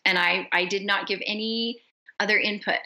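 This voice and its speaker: Bright-voiced middle-aged woman storyteller. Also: medium pitch, normal speed, low-quality recording. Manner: lively storyteller who acts out family dialogue. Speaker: podcast guest. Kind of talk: casual conversation.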